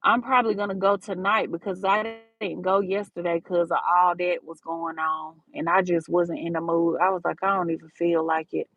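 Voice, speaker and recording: A woman's voice: on the low side, little pitch movement, normal speed, few pauses, fairly bright tone, lo-fi sound, faint music behind. A woman, talking straight to her viewers in a casual livestream, calling them baby and y'all. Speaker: livestream host.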